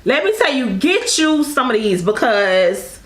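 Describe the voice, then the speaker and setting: A woman's voice: a little high, very animated, measured pace. A woman reviewing makeup in a casual, effusive way, calling her viewers girl and honey and often apologizing in rambling asides. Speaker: beauty vlogger. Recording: echoey room.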